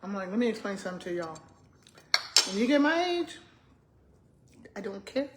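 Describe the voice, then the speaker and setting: Her mid-range voice swings widely in pitch at a normal speed, with background noise behind it. She's a retired school principal in her sixties, chatting to y'all while eating and humming and murmuring as she chews.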